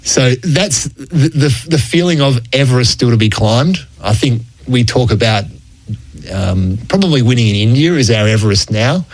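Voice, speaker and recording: A man's voice: medium pitch, animated, moderate pace, dry recording, rough recording. A middle-aged Australian man presenting a cricket history segment on sports radio, telling stories in a chatty way and chuckling through them. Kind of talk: anecdotal storytelling on sports radio.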